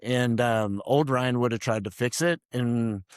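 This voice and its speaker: Middle-aged man, podcast co-host, relaxed and reflective, mid pitch, dry close sound. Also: a little slow, smooth, dry recording. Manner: relaxed, reflective, laughs easily. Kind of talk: casual chat.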